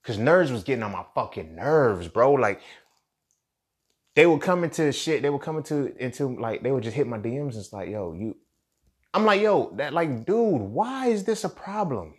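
A young man talks straight into his own podcast mic, swearing freely and circling back over his points. His voice sits at an ordinary middle pitch, jumping up into loud sarcastic bursts and then dropping to low mutters. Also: very animated, moderate pace. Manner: profane, rambling, sarcastic, swings loud and soft. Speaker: podcast host. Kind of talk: casual solo podcast rant.

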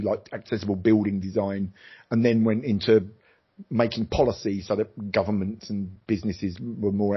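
A middle-aged man, an interview guest and former TV presenter, telling a personal story candidly and animatedly, jumping into high voices for quoted lines. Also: breathy edge. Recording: slightly dull lo-fi sound.

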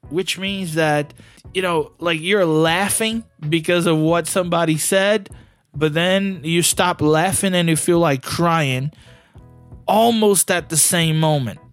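A man's voice: on the high side, takes it slowly, faint music behind. A man hosting a podcast, speaking English as a second language in a casual, chatty way full of "you know". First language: not English. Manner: conversational, heavy use of "you know". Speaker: podcast host. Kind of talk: casual solo podcast talk.

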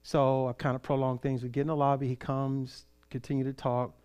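A man's voice: medium pitch, a little fast, clear, resonant tone. A middle-aged man from California, a pastor telling a story in a sermon and acting out the voices of the people he met. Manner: animated storyteller, acts out quoted voices.

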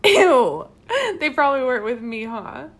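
Lively bright-voiced giggly woman. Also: on the high side, normal speed. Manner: giggly, teasing, animated reactions. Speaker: co-host. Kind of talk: casual chat.

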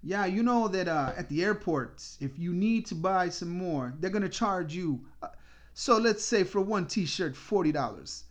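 A man impersonating a loud, chatty taxi driver with a salesy pitch. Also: expressive, unhurried.

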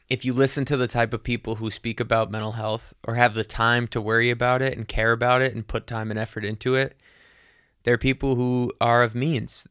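A man's voice: fairly low pitch, fairly bright tone, clear, resonant tone, dry recording, clean studio sound. A young adult man hosting a podcast, musing in a casual solo monologue that rambles with many fillers and casual swearing. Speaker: podcast host.

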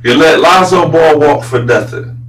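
A man's voice: on the high side, moderate pace. Blunt, profane man talking basketball. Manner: blunt, profane, gets loud and incredulous. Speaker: sports podcast host. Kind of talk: casual opinionated sports talk. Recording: roomy echo, voice a bit far from mic, faint hum.

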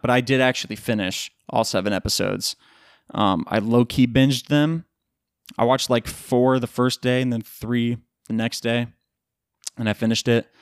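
Man, podcast host, tired, rambling casual chat, dry close sound, mid pitch. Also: no echo. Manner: rambling, loose, with casual swearing.

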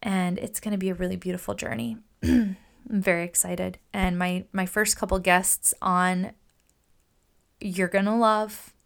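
Upbeat woman podcaster with vocal fry. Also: mid-range voice, steady tone, a little slow. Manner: gushing and upbeat, with many fillers like "like" and "oh my gosh". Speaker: podcast host. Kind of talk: casual solo podcast monologue.

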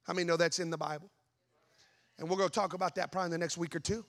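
A man with a somewhat high voice races through a sermon, spinning an animated story full of voiced asides and rhetorical questions for the congregation he pastors.

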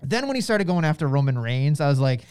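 A woman's voice: low-pitched, quick pace, smooth. A woman co-hosting a podcast, chatting casually and ranting with strong opinions. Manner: animated ranting, acts out quotes in mock voices. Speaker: podcast co-host.

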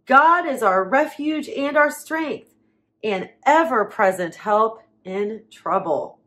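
A woman preaching, reading Bible verses aloud with slow emphasis and dramatic pauses. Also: fairly high pitch, expressive, pushed and bright.

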